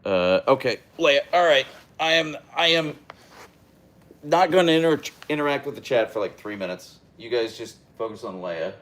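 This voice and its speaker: A man's voice: mid-range voice, animated, normal speed, a bit bright. A young man hosting a casual livestream, reading chat aloud and answering in a rambling, hesitant way with many fillers and restarts.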